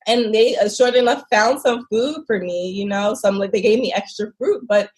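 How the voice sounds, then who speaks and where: A woman guest in a casual interview, telling travel stories in an animated, expressive way and laughing often. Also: mid-range voice, normal speed.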